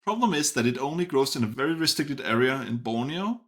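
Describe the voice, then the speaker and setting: A man's voice: medium pitch, animated, brisk, fairly bright tone. A man giving a casual spoken film review, stopping often to restart and correct himself. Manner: hesitant, frequent restarts and self-corrections. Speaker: movie reviewer.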